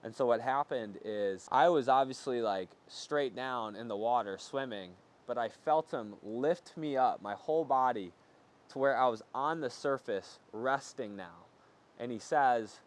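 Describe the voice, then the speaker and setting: A man's voice: mid-range voice, moderate pace. Earnest man sharing a faith story. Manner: earnest, loose and conversational, with filler "like". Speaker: faith vlogger. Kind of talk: personal testimony to camera.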